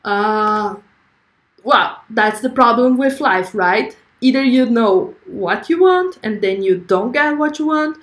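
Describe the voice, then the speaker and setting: A woman's voice: fairly high pitch, animated, slow pace, roomy sound. A young woman hosting a livestream, chatting effusively and reading viewer comments aloud. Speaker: livestream host. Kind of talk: casual livestream chat.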